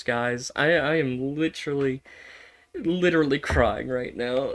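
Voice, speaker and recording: Man, gaming streamer, casual commentary, sweary, repeats himself, laughs often, middle pitch. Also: a little slow.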